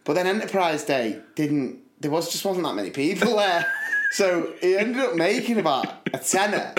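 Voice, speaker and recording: A man co-hosting a casual podcast, telling stories with lots of laughter and slipping into quick voices. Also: high voice, roomy sound, slight background noise. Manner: animated, laughing storyteller who slips into voices. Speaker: co-host.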